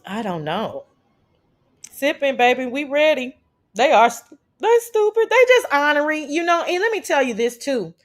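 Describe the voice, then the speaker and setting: A woman's voice: sits high, very animated, moderate pace. A woman hosting a casual livestream chat, brash and profane as she talks back to her chat. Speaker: livestream host.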